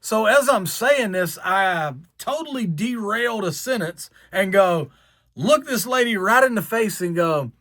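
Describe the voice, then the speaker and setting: A man from the American South with a long drawn-out Southern accent, telling a self-mocking story. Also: high-pitched, dry recording, studio quality. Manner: drawled, self-mocking, animated. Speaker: vlogger. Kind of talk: storytelling to camera.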